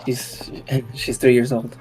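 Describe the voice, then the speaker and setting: A man running a tabletop role-playing game, speaking hesitantly with many pauses and ums. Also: mid-range voice, flat delivery. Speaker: game master. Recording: faint music behind.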